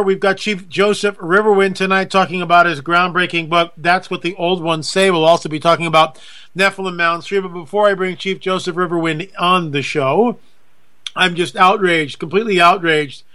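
A man's voice: on the high side, pushed and bright, smooth. A man hosting a talk radio show, delivering an indignant monologue and repeating his points for emphasis. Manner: indignant and repetitive, hammers points home.

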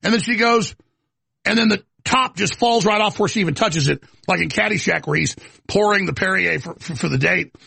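A man hosting a talk show in a rambling, heated rant, with a gravelly, raspy voice. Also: high-pitched, brisk, sharp tone, dry recording.

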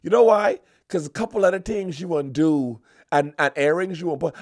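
A man's voice: fairly high pitch, brisk, dry recording, clean studio sound. A man giving a comic, preachy lecture with emphatic repetitions, like a mock sermon.

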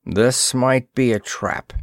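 An actor playing a brisk, commanding spaceship commander in a read-aloud pulp story, giving clipped orders. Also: male voice, medium pitch, no room sound, clean studio sound. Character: brisk middle-aged male spaceship commander.

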